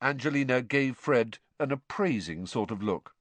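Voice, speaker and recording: A man narrating a storybook aloud with expressive delivery. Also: medium pitch, moderate pace, no echo. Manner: expressive, animated. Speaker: audiobook narrator.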